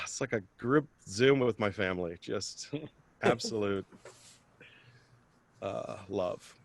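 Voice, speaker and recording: A man's voice: lowish voice, slow pace, gravelly, pauses often. A man doing a self-deprecating stand-up comedy set over a video call, chatting with viewers between jokes.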